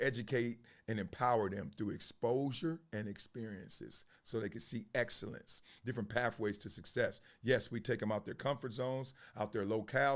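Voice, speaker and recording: A man hosting a sports commentary show, talking loosely with slang and frequent laughs. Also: on the low side. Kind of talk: casual monologue turning into a rap.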